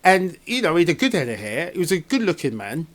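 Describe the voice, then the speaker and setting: A man's voice: a little high, very animated, fast talker. A man doing a casual trailer reaction in a rambling, sarcastic, exasperated way.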